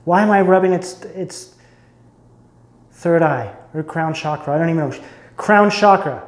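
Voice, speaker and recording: A man's voice: fairly high pitch, unhurried. A man doing an intuitive tarot reading, musing and searching as he talks, often breaking off mid-sentence. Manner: musing, searching, self-interrupting. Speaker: tarot reader. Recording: roomy echo.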